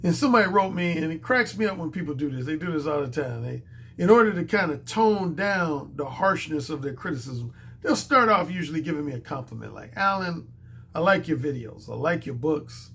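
A man who is a dating coach, talking in a strained, hoarse voice from a cold, lecturing his viewers emphatically and repeating his points. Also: on the high side, expressive, fairly quick, fairly bright tone, a little hiss or hum. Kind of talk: monologue to camera.

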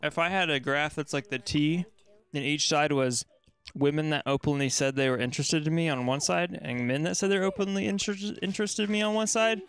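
A man's voice: a little high, fairly quick, fairly bright tone, clean tone, soft background music. A young man co-hosting a casual movie commentary chat, joking and laughing often. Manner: jokey, laughs often, playful. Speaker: co-host.

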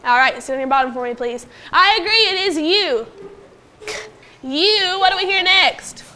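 A woman teaching a phonics lesson to young pupils in a classroom, patiently prompting them and sounding out words slowly. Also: very high-pitched, expressive, pushed and bright, a little hiss or hum. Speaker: elementary school teacher.

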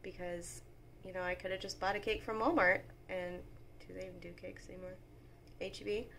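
A woman's voice: fairly low pitch, fairly even intonation, fairly quick, gravelly, fairly bright tone, slight background noise. A woman, talking casually and sentimentally to the camera at home as a mom vlogger. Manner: chatty and sentimental, talks straight to the viewer.

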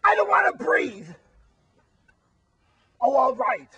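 A man playing a squeaky whiny camper. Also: lively intonation, moderate pace, slightly rough, exaggerated voice, low-quality recording. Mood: shouting, whiny. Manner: whining, complaining, often shouting. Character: whiny, food-obsessed grown man camper. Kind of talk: amateur comedy spoof acting.

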